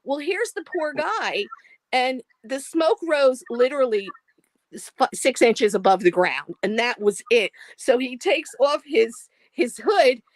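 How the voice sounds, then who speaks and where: Brief: middle-aged woman, high voice, animated laughing storyteller, dry video-call sound. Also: unhurried, no echo. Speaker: live stream caller. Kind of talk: telling a funny story.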